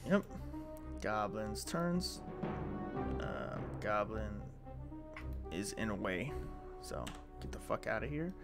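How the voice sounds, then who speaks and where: A man's voice: on the low side, sing-song, slow pace, vocal fry, pauses often. A man acting as dungeon master on a live stream, narrating combat in a casual, profane way with frequent ums. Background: background music.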